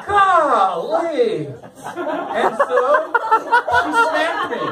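A man's voice: extremely high pitch, huge pitch swings, very slow, bright, forceful tone. A man telling a stand-up comedy story at an open mic, often laughing through his lines. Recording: echoey room, mic at a distance, faint noise.

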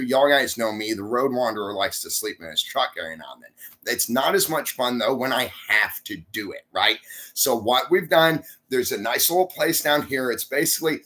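A man's voice: medium pitch, bright, forceful tone. A sleepy man, chatting to camera in a rambling, folksy vlog. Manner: rambling, folksy, uses y'all. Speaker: vlogger. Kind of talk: casual chat to camera.

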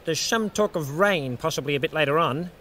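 A man performs a veteran Australian cricket commentator in a dry, measured, clipped manner. The voice is bright and sits a little high. Faint noise runs underneath. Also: animated. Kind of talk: comedy impression, scripted cricket commentary.

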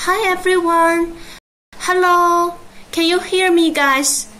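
A woman with a Chinese accent hosting a live-stream sales presentation in English, halting and repeating her greetings. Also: very high-pitched, fairly even intonation, pushed and bright, slight background noise, low-quality recording. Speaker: livestream sales host.

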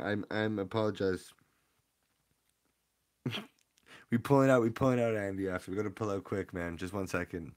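Young man, low-ish voice, excitable rambling streamer giving shout-outs. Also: moderate pace, long pauses. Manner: excitable, rambling, hypes up the audience. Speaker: streamer opening trading card packs. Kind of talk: casual live-stream chat with viewer shout-outs.

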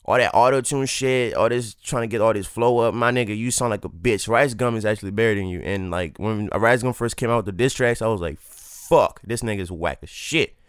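A man's voice: lowish voice, fairly quick, clear, resonant tone, dry recording, clean studio sound. A man hosting a reaction video, talking casually with constant swearing and street slang. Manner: loose, swearing, slangy, laughs at the track. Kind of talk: casual profane reaction commentary.

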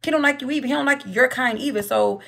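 Loud, profane woman with a gravelly edge. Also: sits high, slight background noise. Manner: profane, loud and rapid-fire. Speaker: live-stream host. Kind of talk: heated casual live-stream chat.

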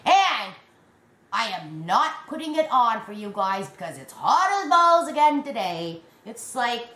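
A woman's voice: fairly high pitch, very animated, a little slow, bright, forceful tone, reverberant. A Canadian woman chatting casually to camera at home, rambling and calling her viewers guys. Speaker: crochet vlogger. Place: at home in a warm room.

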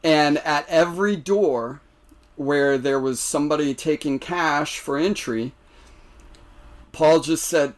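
An American man telling stories on a podcast, animated and laughing, with many restarts. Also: on the high side, slow pace. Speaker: podcast guest. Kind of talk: casual storytelling.

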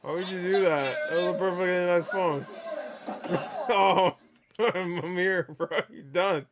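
A woman hosting a meme reaction video, cursing freely, laughing loudly and yelling back at the clips. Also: on the low side, a little slow. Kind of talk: casual meme reaction commentary.

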